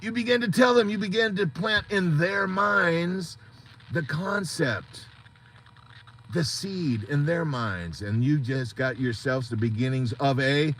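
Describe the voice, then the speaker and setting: A man's voice: high voice, expressive, unhurried, fairly bright tone. A man hosting a support group on a live stream, talking in an earnest, rambling, motivational way.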